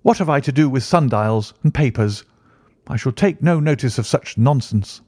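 A man's voice: mid-range voice, lively intonation, normal speed, warm tone, breathy edge, dry recording, studio quality. A man doing a stubborn blustering father. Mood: dismissive. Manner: dismissive and obstinate.

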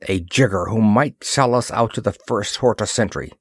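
A man's voice: on the low side, normal speed, slightly rough, dry recording, studio quality. A man voicing an easygoing, loyal male sidekick who speaks mildly and wryly. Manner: mild, wry, relaxed speech.

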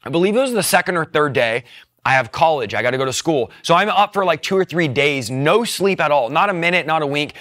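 A young man recounts his personal conversion with earnest emotion, sometimes hushed, sometimes rising with excitement. His voice is bright and forward, sitting slightly high for a man. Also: fairly quick. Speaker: testimony speaker.

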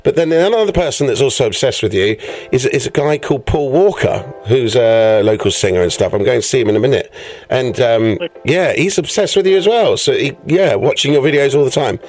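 A man's voice: mid-range voice, expressive, fairly quick, darkish tone, faint music behind. A man hosting a radio show, chatty and playful as he interviews a guest.

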